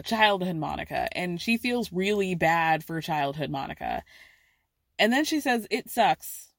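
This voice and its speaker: A woman tells a reality TV story in a casual, quick-talking way, jumping into different voices whenever she quotes someone. Her voice sits in a middle range and is recorded close and dry, with no room sound. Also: mid-range voice, dry recording. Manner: acts out quotes in varied voices, fast and chatty. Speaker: podcast host recapping reality TV.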